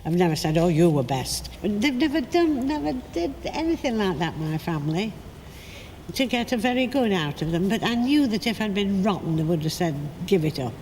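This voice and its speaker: An older actress telling lively stories about her career in an interview, acting out what people said. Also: medium pitch, moderate pace, long reverb tail, a little hiss or hum. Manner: chatty anecdotal, acts out quotes. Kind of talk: storytelling interview.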